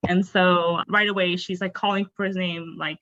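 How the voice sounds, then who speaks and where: As a podcast guest, a young adult woman opens up about her story, expressive in content and full of "like" fillers, though her lowish, fairly bright voice shows little pitch movement. She talks at normal speed, and the recording is dull, dry and lo-fi.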